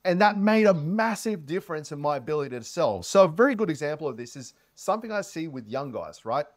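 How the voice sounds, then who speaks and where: Guy giving sales tips to camera, lots of inflection, upbeat, slightly high voice. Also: quick pace. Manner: animated, heavy inflection, energetic. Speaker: sales coach. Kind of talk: casual advice talk to camera.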